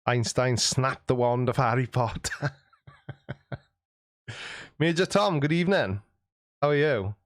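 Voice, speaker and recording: A man's voice: medium pitch, slow pace, pauses often, no echo, studio quality. Cheeky man chatting on stream. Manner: jokey, cheeky, laughs often. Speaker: live stream host. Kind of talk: casual chat reading out viewer comments.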